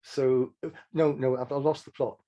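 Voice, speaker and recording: A man's voice: mid-range voice, little pitch movement, normal speed, mellow, lo-fi sound. An older man, a songwriter telling rambling, self-deprecating stories as an interview guest. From England. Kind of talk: casual interview chat.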